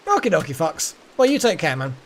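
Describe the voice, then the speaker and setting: A man's voice: fairly high pitch, very animated, fairly quick, fairly bright tone, a little hiss or hum. A man streaming a game, rambling casually to his chat. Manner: rambling, chatty, talks to chat. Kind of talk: casual gameplay commentary.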